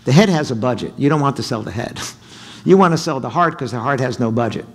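A middle-aged man giving a sales seminar talk in a hotel conference room, animated and quizzing the audience. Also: medium pitch, fast talker. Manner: animated, asks the audience questions, acts out quotes. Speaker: keynote speaker.

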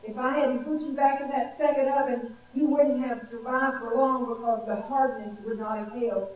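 A woman voicing a calm, patient male potter who speaks quietly and gently. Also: a little high, normal speed, close to an everyday voice. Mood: gentle. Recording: echoey hall from far off.

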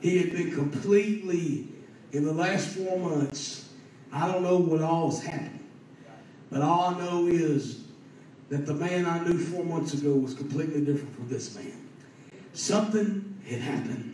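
A man preaches with growing fervor, his fairly high voice surging into loud emphatic peaks. He is picked up from a distance in a church sanctuary. The reverb is heavy, and faint room noise sits behind him. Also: measured pace. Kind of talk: sermon with personal story.

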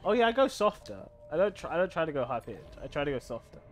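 A man's voice: fairly high pitch, sing-song, quick pace, faint music behind. A man streaming a video game, chatting casually with viewers, swearing freely and laughing often. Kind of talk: casual gaming stream chat.

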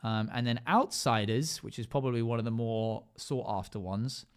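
A man hosting a casual live stream, talking while he plays and reeling off a long list of items. His voice is smooth and clear at an ordinary middle pitch, broken up by frequent fillers. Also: moderate pace. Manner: rattles off long lists with many fillers.

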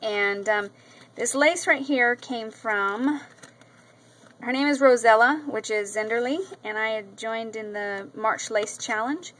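A woman's voice: on the high side, slow pace, a bit bright, low-quality recording. A woman vlogger chatting casually about craft mail she received, gushing often and filling her talk with ums and repeats. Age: adult with a daughter. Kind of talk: casual show-and-tell vlog. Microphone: camera mic.

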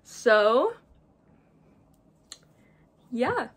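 A woman's voice: on the high side, very animated, extremely slow, slightly rough. A young woman chatting casually in a vlog as she sets up a pet enclosure, apologetic and a little flustered. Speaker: reptile keeper vlogger.

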